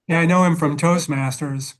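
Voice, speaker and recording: A man's voice: a little high, fairly even intonation, moderate pace. A man from Los Angeles, a webinar attendee, telling dry, joking anecdotes.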